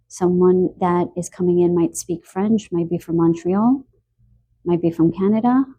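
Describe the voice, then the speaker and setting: Give me a low-pitched woman musing through a card reading, slightly stuffy. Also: unhurried, husky. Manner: musing, stream-of-consciousness, frequent soft laughs. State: stuffy nose from a cold. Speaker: tarot card reader. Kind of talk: intuitive card reading to camera.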